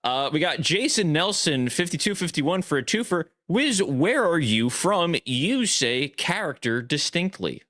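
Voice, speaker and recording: A man's voice: fairly high pitch, big pitch swings, a little slow, few pauses, a bit bright. A man from New York with a New York accent, co-hosting a podcast, easygoing in casual chat and reading out viewer comments. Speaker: podcast co-host.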